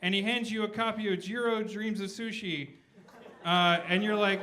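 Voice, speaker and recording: Against a noisy background, a young man with a high voice and fairly even intonation does stand-up at a moderate pace in front of a live audience. His set is profane and rambling, and he keeps ending lines with "right?".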